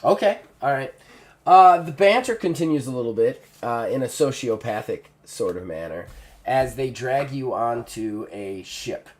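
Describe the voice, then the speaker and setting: A man acting as game master for a tabletop game narrates in a loose, rambling way, full of fillers, restarts, and quick character voices. His voice is medium in pitch with lively intonation.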